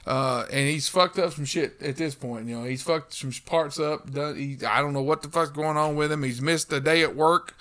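A man's voice: on the high side, moderate pace, hardly any pauses. A man in casual chat, telling a profane workplace story with lots of quoted back-and-forth. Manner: lively retelling, rambling with restarts.

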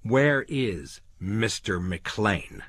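A man voicing an anxious, angry male clerk in a storybook reading, talking insistently in a husky voice. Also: fairly low pitch, animated, drawn-out words, fairly bright tone, no room sound, pitched above the performer's own voice, exaggerated voice. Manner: agitated, insistent.

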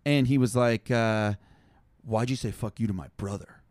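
A young man telling a long, rambling story in casual chat, animated and full of fillers. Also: fairly low pitch, moderate pace, no room sound, studio quality. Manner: animated, rambling, heavy use of "like". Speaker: touring musician, guest.

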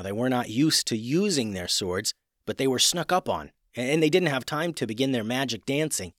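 A man reading a children's adventure story aloud, with a very animated, swooping delivery that builds tension. His voice sits in an ordinary middle register and the recording is close and dry with no room sound. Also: mid-range voice, dry recording. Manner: expressive, dramatic storytelling.

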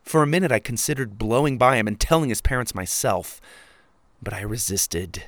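A man narrating a storybook in the first person with an expressive delivery. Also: medium pitch, normal speed, no room sound. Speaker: audiobook narrator.

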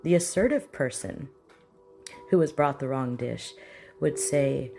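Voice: medium pitch, a little slow, creaky, pauses often, a little mellow. Conversational mindfulness teacher over faint music. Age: adult with children. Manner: conversational, acts out example dialogues. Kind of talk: casual spoken lesson.

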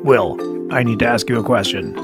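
A man's voice: medium pitch, brisk, loud music behind the voice. A man co-hosting a podcast, talking casually with hesitant fillers and enthusiasm. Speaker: podcast co-host.

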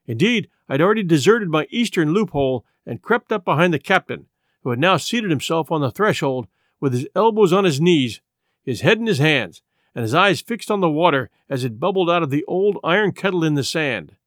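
A man narrating a classic adventure novel in an expressive storytelling manner. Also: a little high, a little fast, no room sound, studio quality. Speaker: audiobook narrator.

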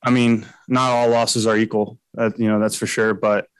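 Male pitcher at a postgame press scrum, blunt and halting, low flat voice. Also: clean tone, no echo, low-quality recording. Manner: blunt, halting, many fillers. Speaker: baseball pitcher.

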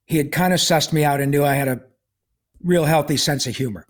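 A man's voice: on the high side, a little fast. A man telling a personal story as a podcast guest in a casual, rambling way, full of fillers and restarts and with a wry sense of humor.

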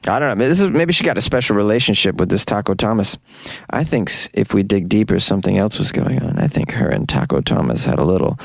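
A man's voice: fairly low pitch, quick pace, vocal fry, no echo. Give me a jokey man riffing on the news for his podcast, close and dry. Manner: jokey, animated, laughs at own jokes. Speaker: podcast host. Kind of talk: comedic news commentary.

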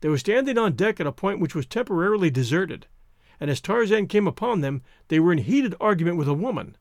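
A man reading an adventure novel aloud as narrator, in a theatrical, expressive way. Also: high-pitched, fast, no echo, clean studio sound. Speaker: audiobook narrator. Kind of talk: scripted narration.

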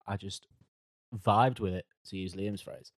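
Low-voiced male co-host, mumbling softly, dry close sound. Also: fairly even intonation, measured pace, dry recording. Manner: hesitant, trailing off, mumbling softly. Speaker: podcast co-host reviewing music. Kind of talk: casual chat.

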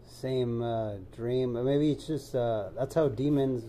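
A man's voice: mid-range voice, fairly even intonation, slow pace, warm tone, slight background noise. A man co-hosting a podcast in casual chat, teasing and swearing. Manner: teasing, swearing, chimes in often. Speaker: podcast co-host.

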